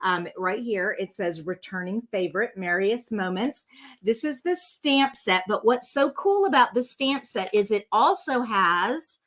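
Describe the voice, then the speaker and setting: A woman's voice: mid-range voice, animated, unhurried, a bit bright. A middle-aged woman, chatting casually with viewers during a live card-making stream, rambling and full of fillers. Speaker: card-making channel host.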